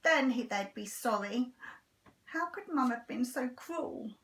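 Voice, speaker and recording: A woman teacher reading a children's storybook aloud in a lively, expressive way. Her voice is bright and her pace is slow, and the mic picks her up from a distance. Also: on the high side.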